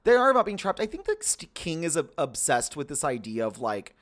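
A young man co-hosting a podcast in casual chat, rambling and animated, with lots of filler words. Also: on the high side, fairly quick. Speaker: podcast co-host.

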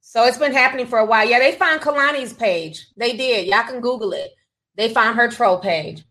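A woman's voice: a little high, moderate pace, fairly bright tone, poor audio. A woman hosting a casual gossip livestream, reading viewer comments aloud with sassy asides and frequent laughs. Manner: chatty, sassy, laughs often, says honey and child. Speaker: livestream host reading super chats.

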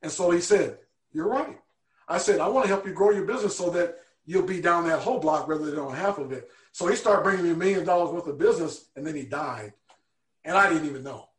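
A man telling a personal story as an interview guest, earnest and animated, acting out the people he quotes. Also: a little high, fast talker, echoey room.

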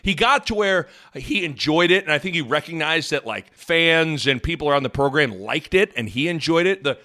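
A man co-hosting a casual podcast, telling rambling, animated stories. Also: on the high side, moderate pace. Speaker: podcast co-host and impressionist.

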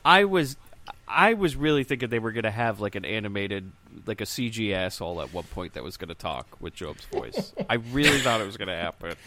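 A man's voice: on the low side, expressive, a little fast, sharp tone. A man co-hosting a casual movie-review chat, incredulous and profane, laughing at what he saw. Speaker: podcast co-host.

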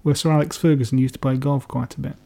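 A man's voice: mid-range voice, level tone, fast, vocal fry, noisy background. A man hosting a podcast, prompting guests with dry, teasing asides. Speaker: podcast host. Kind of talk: casual podcast chat.

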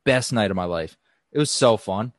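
A young man co-hosting a podcast in casual chat, loose, profane and excitable, sweaty in a small hot room. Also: fairly low pitch, moderate pace, no echo, studio quality. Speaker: podcast co-host.

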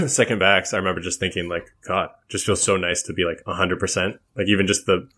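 A man's voice: deep voice, fairly quick, fairly bright tone. A man co-hosting a casual podcast, rambling and joking, and a little stuffy after being sick. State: a bit stuffy. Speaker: podcast co-host. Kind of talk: casual chat.

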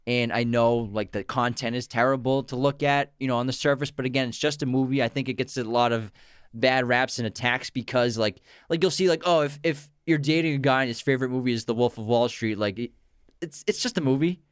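A man chatting casually as co-host of a film podcast, laughing easily and tossing in quoted lines. His voice sits at an ordinary middle pitch, recorded dry and close. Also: fairly quick, smooth, dry recording. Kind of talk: casual chat about films.

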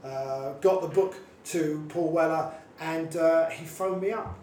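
A man, a comedian guest on a podcast, telling relaxed anecdotes in casual conversation. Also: a little high, unhurried, reverberant, a little hiss or hum. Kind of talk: casual interview chat.

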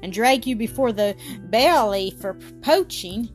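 A woman's voice: a little high, animated, measured pace, faint music behind. An earnest young Scottish farm boy, as a woman narrator puts him on, speaking in country dialect in a storybook reading. He warns the others with grave concern. The voice stays close to the narrator's own. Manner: warning, earnest, uses dialect words. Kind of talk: storybook character voice.

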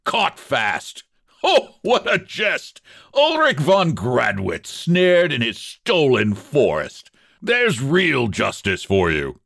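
A man reading aloud and voicing a trapped poacher who taunts his enemy with savage, high-pitched shouts. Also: big pitch swings, moderate pace, vocal fry, few pauses, dry recording, clean studio sound, full character voice. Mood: mocking.

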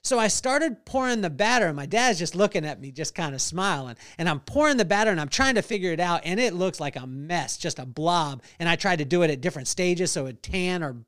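A man's voice: high-pitched, lively intonation, fairly quick, few pauses, a bit bright. A middle-aged man hosting a podcast, telling a family story and acting out the voices. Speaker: podcast host. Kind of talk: storytelling devotional talk.

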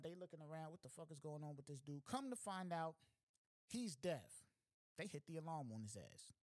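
A man hosting a podcast, telling a story in a casual, slangy, animated way, often asking "you know what I'm saying". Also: a little high, moderate pace, dry recording. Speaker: podcast host.

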